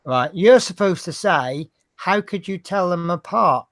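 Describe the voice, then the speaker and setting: Gravelly jokey man hosting. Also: sits high, expressive, a little slow, a bit bright, no room sound. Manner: jokey, rambling banter. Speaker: host. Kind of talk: casual chat, telling jokes.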